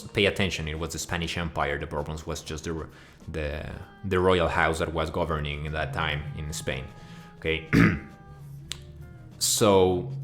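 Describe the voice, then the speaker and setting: A man's voice: sits low, a bit bright. A man delivering a crude, swearing, mock-outraged rant that rambles from point to point. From Mexico. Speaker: video host. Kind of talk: profane comedic rant.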